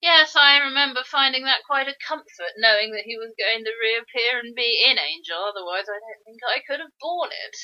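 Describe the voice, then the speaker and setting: A woman with a southern English accent, co-hosting a podcast and offering blunt, matter-of-fact opinions. Her tone is very bright and piercing, and the recording has a slightly dull, lo-fi sound. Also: a little high, expressive, moderate pace, hardly any pauses. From southern England. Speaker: podcast co-host. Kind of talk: casual chat about TV.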